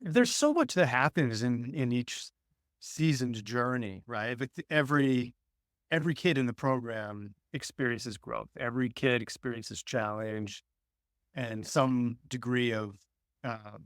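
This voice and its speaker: Male podcast host asking thoughtful questions, middle pitch, dry close sound. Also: expressive, a little slow, dry recording. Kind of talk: casual podcast interview.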